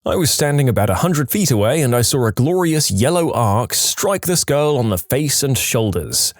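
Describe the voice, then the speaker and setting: A man reading reddit stories aloud, telling them in a lively way and putting on voices for the quoted people. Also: medium pitch, normal speed, dry recording, studio quality. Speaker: story narrator.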